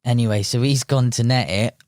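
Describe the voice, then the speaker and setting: A young man with a London accent, telling a fishing story as a podcast guest in a relaxed, slangy way, full of "mate" and "like". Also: medium pitch, a little fast, no echo, clean studio sound. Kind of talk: casual storytelling.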